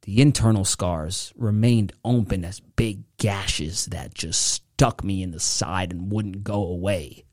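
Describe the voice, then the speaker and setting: A man hosting a motivational podcast, telling a personal story with intensity, his voice swinging between hushed and loud. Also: sits low, slow, few pauses, no room sound, studio quality.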